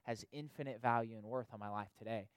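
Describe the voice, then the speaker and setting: A man's voice: mid-range voice, steady tone, fast, smooth, no room sound. A man preaching a sermon in a conversational way, often asking "right?" and repeating himself for emphasis. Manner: conversational preaching, frequent "right?" tag questions and repetitions. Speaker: pastor or youth leader.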